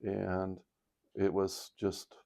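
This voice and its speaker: An older man in retirement telling a personal story on his video blog, reflective and halting with a touch of emotion, sitting by a fire at home. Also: low voice, monotone, gravelly, darkish tone. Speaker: vlogger. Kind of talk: casual storytelling. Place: indoors by a fireplace at home.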